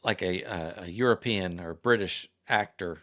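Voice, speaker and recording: An American livestream host, low-voiced and a bit bright, talks at a normal speed into a desk mic. His casual, wandering chat involves reading viewer comments and quizzing the audience.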